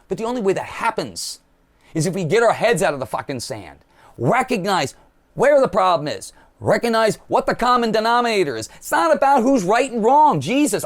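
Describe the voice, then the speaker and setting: A man rants bluntly and profanely in a monologue, mocking people by quoting them. His pitch swings widely as he talks. His voice sits a little high. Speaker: political commentator. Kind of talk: impassioned monologue.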